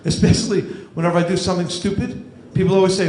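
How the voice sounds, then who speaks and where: A New Jersey man in his fifties performs stand-up on a club stage with dry, self-deprecating delivery. His voice is high, a little mellow and fairly even in intonation, and he races through it; the room is echoey with audience noise.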